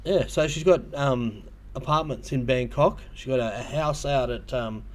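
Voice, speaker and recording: An Australian man talks casually to his livestream viewers, his voice sitting at an ordinary middle pitch. He wanders through his stories with lots of ums and false starts. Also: normal speed. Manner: rambling storytelling with many ums and restarts. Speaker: livestream host.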